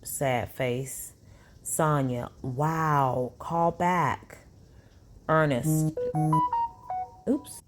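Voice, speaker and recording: A woman's voice: low-pitched, unhurried, loud music behind the voice. A woman reads text messages aloud and breaks in with sassy, incredulous asides as a commentary vlogger.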